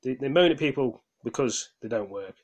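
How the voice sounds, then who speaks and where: A man's voice: medium pitch, lively intonation, brisk, a little mellow. A tired man, ranting heatedly in a casual vlog, swearing, rambling with restarts and apologizing as he goes. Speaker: gaming vlogger.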